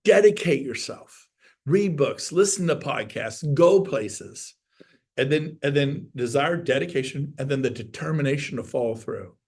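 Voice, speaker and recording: A middle-aged man giving an energetic, folksy motivational talk to an audience, now and then breaking into loud outbursts. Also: medium pitch, measured pace, breathy edge. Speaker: motivational speaker.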